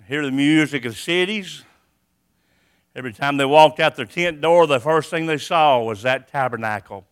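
A man preaching an impassioned sermon, rhythmic and swinging from hushed to loud. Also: high voice.

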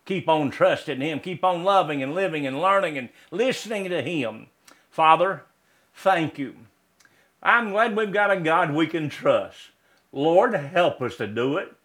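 Slow, high-voiced male preacher. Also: expressive, fairly bright tone. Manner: slow, emphatic preaching with repeated exhortations. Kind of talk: sermon with recited poem and prayer.

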